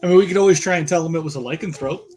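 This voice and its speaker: A man's voice: on the high side, dark tone, a little hiss or hum. A man playing a tabletop game, joking playfully. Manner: playful, quick quips. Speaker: player. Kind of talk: casual tabletop play.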